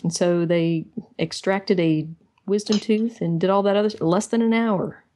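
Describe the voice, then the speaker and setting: A woman co-hosting a casual chat, explaining her point in a measured way with some fillers. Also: medium pitch, fairly even intonation, mellow, slight background noise. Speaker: co-host.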